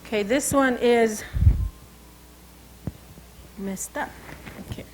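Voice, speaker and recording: Storytelling Salish woman, higher voice. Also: slow, slight background noise, low-quality recording. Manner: informal, repeats "you know" and "okay". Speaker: cultural educator. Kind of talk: oral storytelling and teaching.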